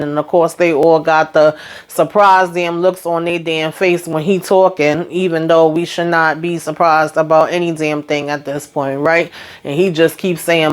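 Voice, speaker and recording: A woman recapping a TV episode in a casual vlog, retelling the scenes and acting out the dialogue with salty, animated commentary. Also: deep voice, moderate pace. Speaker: show recap vlogger.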